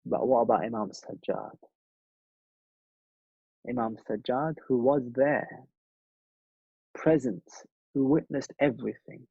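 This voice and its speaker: A man's voice: mid-range voice, slow pace, creaky, long pauses, breathy edge, no room sound, phone-quality sound. A man delivering a sermon at a mourning gathering, speaking earnestly with rhythmic repetition. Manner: earnest, rhythmic, repeats phrases for emphasis.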